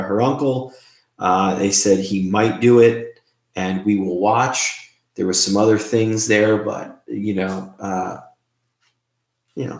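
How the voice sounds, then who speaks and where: Low-voiced man hosting a live stream. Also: reverberant. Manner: rambling, halting, restarts often. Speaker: host. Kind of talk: live-stream chat about spirit box sessions.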